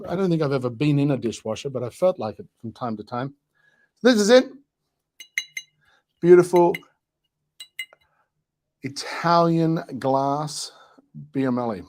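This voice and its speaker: A man's voice: mid-range voice, darkish tone. An Australian man presenting products on a casual live stream, joking, chuckling and rambling through asides.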